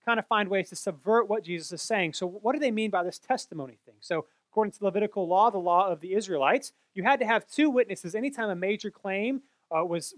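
A man's voice: sits high, dry recording. A man explaining a Bible passage in an earnest way, often correcting himself mid-sentence. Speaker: Bible teacher.

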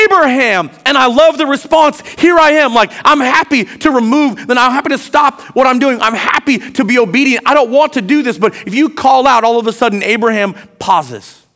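A man preaching a sermon as pastor, reading scripture aloud and swinging from quiet, drawn-out lines to loud, emphatic ones. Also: extremely high pitch.

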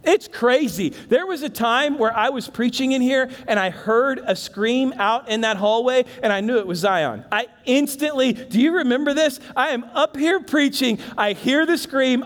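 A man preaching a sermon as pastor, moving from hushed emphasis to loud bursts and talking directly to the congregation in asides. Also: extremely high pitch. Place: church sanctuary. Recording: long reverb of a large church hall.

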